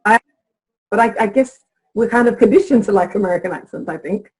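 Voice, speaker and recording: A woman relationship coach as an interview guest, speaking in an animated way with laughs while she tells stories. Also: medium pitch, a little fast, husky, low-quality recording. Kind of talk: interview conversation.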